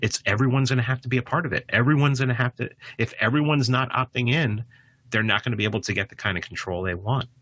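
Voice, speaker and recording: A man speaking as a podcast guest in casual conversation, rambling with frequent restarts and sudden animated jumps in pitch. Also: fast, no echo.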